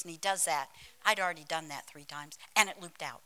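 A woman's voice: sits low, a little fast, bright, forceful tone, low-quality recording. A woman pastor delivering a sermon in church. She is emphatic, drops into dramatic whispers and tells humorous stories while calling out to the congregation. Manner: storytelling with humor, calls to the congregation.

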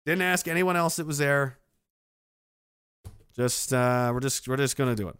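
A man's voice: medium pitch, animated, moderate pace, long pauses, a bit bright, clear, resonant tone, no room sound, studio quality. A man streaming casually, reading out chat messages with a sarcastic, rambling manner. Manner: sarcastic, rambling, many fillers.

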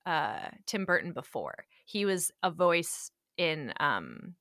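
A woman's voice: sits low, sing-song, slow pace, pushed and bright, dry recording. Chatty woman, dry close sound. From Washington state. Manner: chatty and enthusiastic, laughs often. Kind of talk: casual chat.

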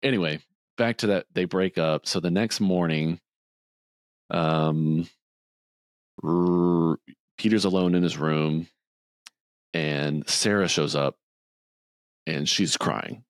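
A man's voice: fairly even intonation, slow, long pauses, dry recording, studio quality. A man co-hosting a podcast, rambling through a movie plot in casual chat and acting out the characters' lines. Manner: rambling, acts out characters' lines in higher voices. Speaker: podcast co-host.

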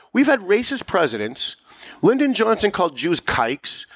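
A man's voice: high-pitched, very animated, moderate pace, breathy edge, no echo, clean studio sound. A man hosting a political talk show, emphatic and pushing his voice up sharply when making a point. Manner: emphatic, rising to sharp mocking peaks. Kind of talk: political commentary chat.

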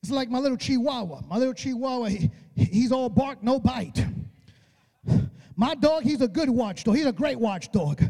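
Very high-voiced fervent male preacher. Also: lively intonation, moderate pace, creaky. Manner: fervent, repetitive exhortation with "uh" fillers. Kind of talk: sermon. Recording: loud music behind the voice.

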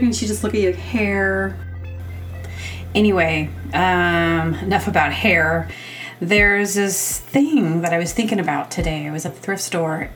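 A rambling woman tells comic stories on her podcast, giggling often and acting out silly bits of dialogue. Her voice sits fairly low. Faint music plays behind her. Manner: meandering, giggly, acts out silly quotes. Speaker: podcast host. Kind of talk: rambling comedic monologue.

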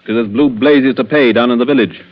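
A confident young village doctor talks in a brisk, easygoing way, voiced by a man in a 1940s radio play. The sound is thin and narrow, almost like a phone line. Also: medium pitch, lightly acted.

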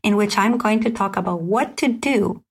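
A woman hosting a solo podcast, calmly walking listeners through a list of questions at a measured pace. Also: mid-range voice, creaky, slightly rough. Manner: calm, measured, lists questions one by one. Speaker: podcast host. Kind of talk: scripted solo podcast teaching.

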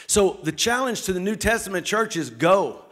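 A man with a high voice delivers an energetic sermon from a church sanctuary. He speaks quickly and excitedly, calling out to the congregation to clap and answer. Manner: fast, excited preaching with calls to the congregation. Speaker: lead pastor.

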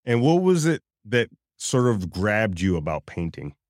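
A man's voice: on the low side, sing-song, measured pace, a little mellow, no echo, studio quality. A man hosting an interview podcast, casual and enthusiastic. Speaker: podcast host.

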